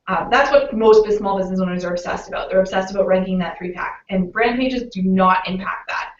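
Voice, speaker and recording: A Canadian woman talks through a webinar in a relaxed, explaining way, leaning on "um" and "you know". She sounds a little off the mic, in a roomy space. The audio is muffled and lo-fi. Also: medium pitch, fairly quick, distant mic. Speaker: local SEO consultant presenting a webinar. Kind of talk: webinar presentation.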